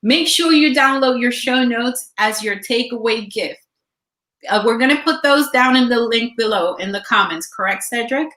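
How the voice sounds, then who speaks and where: A woman's voice: on the high side, moderate pace, bright, forceful tone. A woman co-hosting a motivational talk, speaking in an upbeat, encouraging way. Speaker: co-host. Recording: echoey room.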